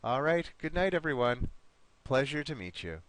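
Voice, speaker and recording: A man teaching an online class, giving each student encouraging feedback by name and slowly modeling pronunciation. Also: medium pitch, big pitch swings, fairly bright tone, dry recording.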